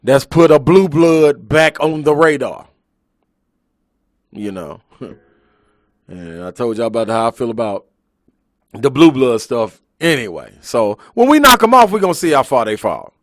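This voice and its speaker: A man's voice: medium pitch, sing-song, measured pace, long pauses, no room sound, studio quality. A man hosting a live sports talk show, ranting emphatically in heavy slang.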